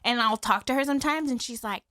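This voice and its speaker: A woman's voice: a little high, fast talker, sharp tone, no echo, studio quality. A woman hairstylist talking casually as a podcast guest, chatty, laughing often and full of "like".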